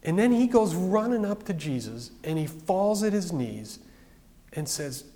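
A pastor with a somewhat high voice preaches to his congregation at a moderate pace, relaxed, conversational and plain-spoken. His words carry a long reverb, as though in a large, echoey hall.

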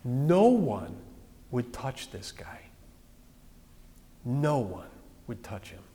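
A man's voice: mid-range voice, big pitch swings, very slow, mellow, in a large hall, a little hiss or hum. A man preaching a sermon as pastor, in a plain-spoken, conversational way.

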